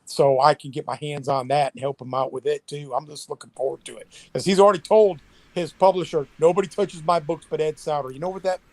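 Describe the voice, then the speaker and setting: A man's voice: a little high, steady tone, fast, darkish tone, no echo. Male editor guest, friendly chatter, dead-dry close mic. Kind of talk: casual interview chat.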